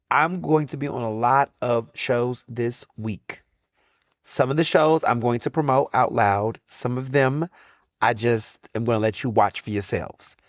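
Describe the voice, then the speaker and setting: Animated, chatty male podcast host. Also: medium pitch, dry recording, clean studio sound. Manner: animated, chatty, slangy, quick asides. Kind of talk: casual solo podcast monologue.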